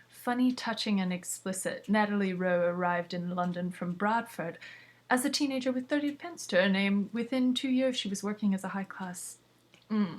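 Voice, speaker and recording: A woman casually reading a book aloud, with asides and self-corrections. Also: medium pitch. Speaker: reader.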